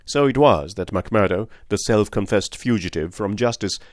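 Low-voiced male audiobook narrator. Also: expressive, no echo, studio quality. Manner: measured storytelling. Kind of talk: scripted narration.

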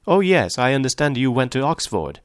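A man's voice: mid-range voice, big pitch swings, a little fast, no echo, clean studio sound, voice pushed up, natural voice. A man reading a story aloud, voicing an arrogant, indignant wealthy husband in a raised, sneering voice. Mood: scornful.

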